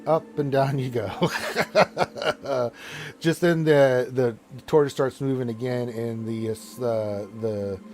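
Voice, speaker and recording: A man's voice: medium pitch, takes it slowly, soft background music. A man narrating a tabletop game as game master, rambling with restarts.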